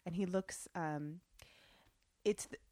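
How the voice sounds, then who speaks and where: A woman as a guest in a relaxed chat, describing things in an easygoing way and laughing readily. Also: fairly low pitch, slow pace, no echo, studio quality. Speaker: podcast guest. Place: indoors, sitting in a papasan chair with her dog.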